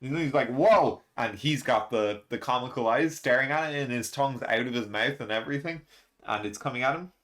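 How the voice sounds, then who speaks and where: A man hosting a casual reaction and review, excitable and rambling, laughing often between fillers. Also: medium pitch, quick pace. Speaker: manga reaction channel host.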